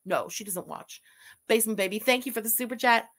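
A woman's voice: fairly high pitch, brisk, a bit bright. A woman from Canada giving profane, sarcastic commentary while reacting to a video. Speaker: commentary streamer.

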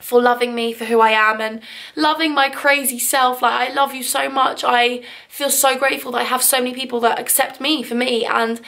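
A woman's voice: on the high side, fairly even intonation, brisk, creaky, fairly bright tone. A young woman from England, chatting to her handheld vlog camera at home, gushing and emotional, a little teary. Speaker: vlogger. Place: home living room.

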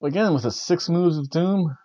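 A man's voice: on the high side, normal speed, mellow, no room sound. Rambling man reviewing wrestling matches. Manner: rambling, self-correcting, chuckles often. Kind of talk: casual spoken event review. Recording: dry, slightly dull lo-fi audio.

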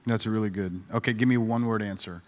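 A man's voice: fairly low pitch, steady tone, quick pace. A man, a pastor moderating a panel discussion, asking pointed questions in a direct way. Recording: long hall reverb.

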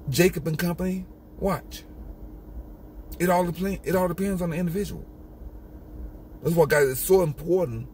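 A man's voice: on the high side, a little mellow, a little hiss or hum. A man giving an emphatic, repetitive motivational monologue in a casual street style. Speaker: motivational speaker.

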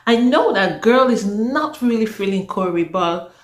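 A talkative woman from Africa recaps a reality show in a casual vlog, often breaking into exclamations and laughter. Her voice sits at a middle pitch. The recording carries a noticeable roomy echo. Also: expressive, a little slow.

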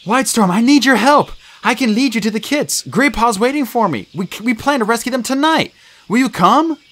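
A brave young apprentice cat talks in urgent, earnest bursts, lifted well above the man's own voice. His tone is bright and lively. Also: high voice, a little fast, pitched above the performer's own voice, exaggerated voice.

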